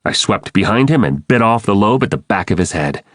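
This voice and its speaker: Guy narrating an audiobook in first person, low voice, dry close mic, urgent. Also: sing-song, a little fast, a bit bright, no room sound. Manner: urgent, dramatic storytelling.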